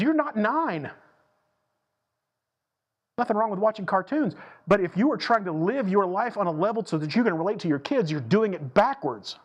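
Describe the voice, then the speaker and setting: A man preaching a sermon to his church, emphatic and repetitive, moving between slow, deliberate lines and quick bursts. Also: sits high, lively intonation. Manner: emphatic, repeats phrases for stress, shifts between slow and fast delivery. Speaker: pastor. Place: church sanctuary.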